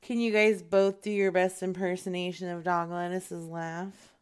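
A woman's voice: lowish voice, flat delivery, normal speed, clear, resonant tone. A woman co-hosting a casual comedy show, teasing and giggling between lines. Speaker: podcast co-host.

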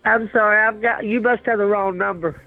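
A woman's voice: mid-range voice, fairly even intonation, normal speed, faint music behind. A woman answering a call, polite and a little confused, laughing along. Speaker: prank call recipient. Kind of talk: phone conversation. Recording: tinny phone line.

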